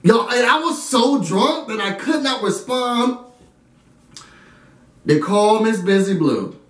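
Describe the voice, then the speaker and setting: A young man, telling an animated storytime with a high, lively voice. He sits back from the mic in an echoey room and keeps slipping into other people's voices. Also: takes it slowly, far from the mic. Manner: animated, acts out friends' voices, laughs often.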